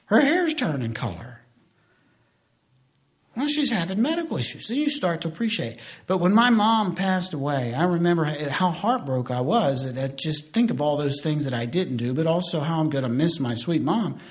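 A middle-aged man preaching a sermon, mimicking whiny complaints, rising to shouts and then dropping to slow, quiet emphasis. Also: on the high side, expressive. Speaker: pastor.

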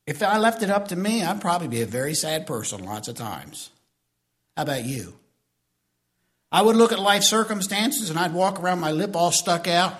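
A middle-aged man preaching a sermon, mimicking whiny complaints, rising to shouts and then dropping to slow, quiet emphasis. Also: high-pitched, very animated. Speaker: pastor.

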